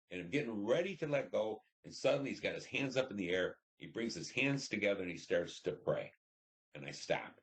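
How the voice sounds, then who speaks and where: An older man telling a personal war story in an interview, rambling with many "you know"s and acting out what people said. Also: sits low. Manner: rambling, frequent "you know", acts out dialogue. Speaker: interviewee, veteran.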